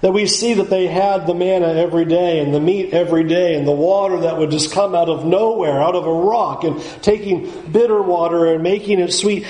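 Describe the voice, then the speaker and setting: Male preacher, high voice, roomy echo; dynamic delivery swinging from loud climbs to hushed lows. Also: steady tone. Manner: swings from loud rising emphasis to low quiet pleading, slows on key words. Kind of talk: sermon.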